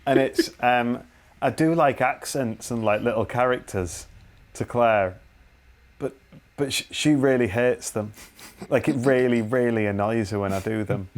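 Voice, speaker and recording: A man's voice: medium pitch, measured pace. An English man co-hosting a casual podcast, playful and teasing, often laughing. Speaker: podcast co-host.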